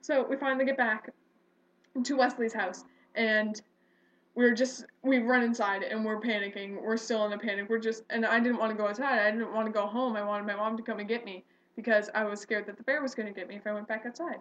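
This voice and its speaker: A woman's voice: a little high, fairly even intonation, a little fast, fairly bright tone. A young woman telling a personal story casually, rambling with fillers and self-corrections. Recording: dull lo-fi recording.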